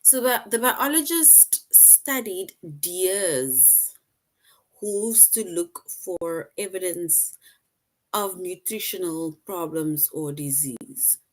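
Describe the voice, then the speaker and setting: Slow, patient woman teaching grammar. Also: on the low side, animated. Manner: slow, patient, reads sentences aloud then quizzes. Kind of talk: online grammar lesson.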